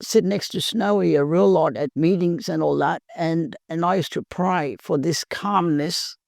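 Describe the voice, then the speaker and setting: Gravelly woman telling her story. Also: sits low, darkish tone, no echo, clean studio sound. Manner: earnest, plain-spoken. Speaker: guest sharing recovery story. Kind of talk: personal storytelling.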